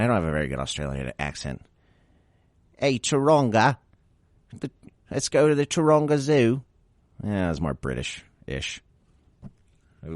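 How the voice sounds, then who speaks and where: A man's voice: low voice, darkish tone, no echo, clean studio sound. A male podcast host reading out a list of facts and breaking off into wry, sarcastic asides.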